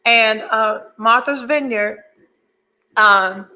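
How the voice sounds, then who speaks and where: A middle-aged woman with a high, bright voice hosts a podcast, delivering a candid motivational monologue in poor audio. She's blunt and swears freely, hammers her points with emphasis and drawn-out words, and wanders into asides before returning to the point. Her voice stays light and ringing throughout.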